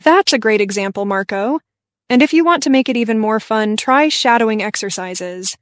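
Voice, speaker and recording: Clear, instructive woman co-hosting a podcast. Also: on the high side, normal speed, no room sound. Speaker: podcast co-host. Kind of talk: scripted English-learning podcast dialogue.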